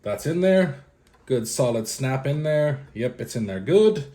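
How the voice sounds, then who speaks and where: A man's voice: medium pitch, expressive, a little slow, dark tone. A man hosting a casual repair video, narrating each step aloud as he works and joking with his viewers. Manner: joking, self-mocking, chatting to viewers. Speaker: host of a computer repair channel. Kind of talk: casual hands-on repair walkthrough.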